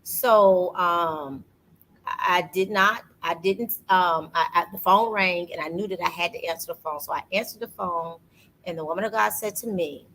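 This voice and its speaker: A woman hosting a casual faith talk, telling a personal story with lively energy and acting out what people said to her. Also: lowish voice, normal speed, slight background noise, low-quality recording. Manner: animated storytelling, acts out quoted voices. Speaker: podcast host. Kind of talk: casual faith testimony chat.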